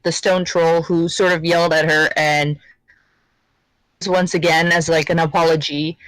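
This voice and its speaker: Slow, low-voiced woman player. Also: level tone, fairly bright tone, dry recording, low-quality recording. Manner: hesitant, many fillers. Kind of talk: describing her character in a tabletop game.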